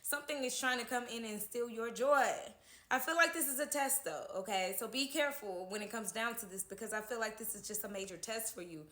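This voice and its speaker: A woman's voice: fairly high pitch, a little fast, sharp tone, echoey room. A woman giving a casual tarot horoscope reading, chatty, who keeps checking in with "okay?" at the end of her lines. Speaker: tarot reader.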